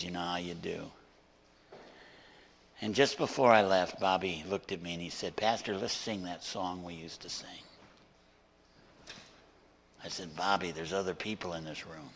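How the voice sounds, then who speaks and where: This older guest preacher has a low, creaky voice with a fairly bright tone, and he acts out the characters' voices as he tells a story from the pulpit. The hall-reverb recording carries a little hiss or hum.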